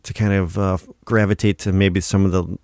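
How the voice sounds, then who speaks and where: A man's voice: sits low, little pitch movement, moderate pace, a little mellow, dry recording. An American man co-hosting a podcast in casual chat, joking crudely. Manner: crude, joking, puts on mock accents. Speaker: podcast co-host.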